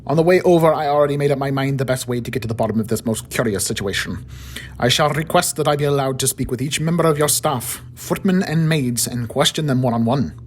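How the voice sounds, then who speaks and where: A man doing a calm, clever Victorian detective. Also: mid-range voice, natural voice. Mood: cordial. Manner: cordial and measured.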